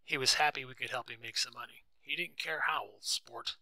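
Cool secretive rich man, calm and dismissive, bright voice, read by a man. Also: mid-range voice, brisk, dry recording.

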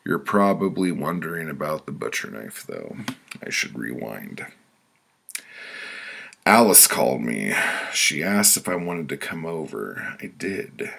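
A man reading his own story aloud in a deadpan, blunt manner, with sudden loud outbursts. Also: extremely low pitch, a little slow, vocal fry. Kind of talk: spoken-word storytelling.

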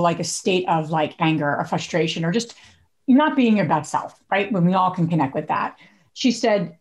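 A middle-aged woman co-hosting a podcast, chatting casually and telling stories with animated asides and frequent laughs. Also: medium pitch. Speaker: podcast co-host.

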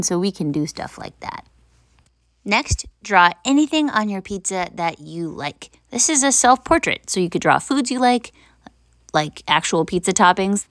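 A woman's voice: mid-range voice, no room sound. Woman, art teacher, drawing instructions, friendly, dry recording.

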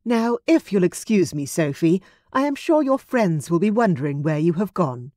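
A woman voicing a young, gentle but resolute heroine who speaks earnestly and with composure. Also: lowish voice, big pitch swings, normal speed, dry recording, studio quality. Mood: composed.

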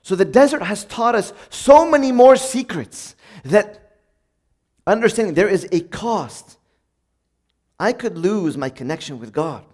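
Man, high voice, preacher, conversational sermon, acts out little scenes. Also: animated, measured pace, long pauses. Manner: conversational, acts out everyday moments in a bright upbeat voice.

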